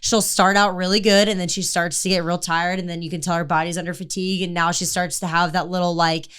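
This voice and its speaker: A woman hosting a casual podcast who talks quickly in a smooth, clean voice. She is blunt and profane and teases the others. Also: on the low side, level tone, fairly bright tone. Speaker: podcast host and running coach.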